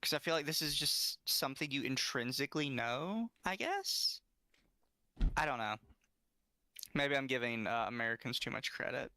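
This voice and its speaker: Bright, dry-sounding reaction podcast co-host. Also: medium pitch, very animated, normal speed, no room sound. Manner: incredulous, sarcastically mimics others. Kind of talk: reaction commentary.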